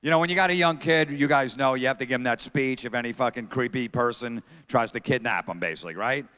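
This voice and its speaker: A man's voice: medium pitch, quick pace, sharp tone, clean tone. A middle-aged man doing stand-up comedy on a theater stage, telling brash, profane stories and talking to the crowd. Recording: long theater reverb.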